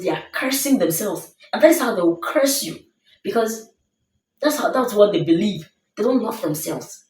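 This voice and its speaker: An earnest woman vlogger talks the listener through self-love, stressing each point and repeating key lines like refrains. Her voice sits slightly low. She sounds set back from the mic in a roomy, echoing space. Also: darkish tone, far from the mic. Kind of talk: motivational talk to camera.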